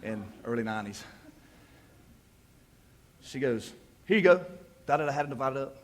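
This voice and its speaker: A man's voice: mid-range voice, normal speed, slight background noise. A male pastor in his thirties preaching a sermon in a folksy, conversational way, with joking asides. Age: 30s. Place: church.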